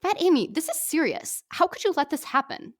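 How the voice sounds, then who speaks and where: Lady doing a snooty bossy girl captain, snippy, high voice. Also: very animated, brisk. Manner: commanding, snippy. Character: snooty bossy young woman choir co-captain.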